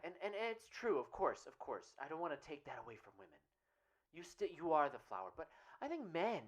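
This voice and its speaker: A woman playing a rambling earnest radio guru. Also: low voice. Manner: rambling, earnest, repeats "right?" constantly. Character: earnest man radio host, rambling self-help guru. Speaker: radio show host. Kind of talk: comedic parody radio monologue.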